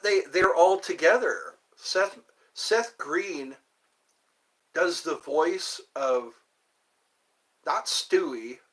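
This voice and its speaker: Male host, loose rambling talker, bright forward tone, wanders off topic often. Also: on the high side, lively intonation, drawn-out words, long pauses. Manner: rambling, chatty, thinks aloud and digresses. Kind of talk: casual livestream chat.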